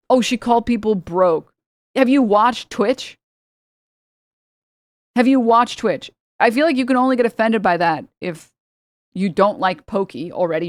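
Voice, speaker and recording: A woman's voice: medium pitch, a little fast, no echo. Exasperated young woman streamer, dry close mic. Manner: exasperated, rambling, sarcastic. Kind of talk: casual stream chat.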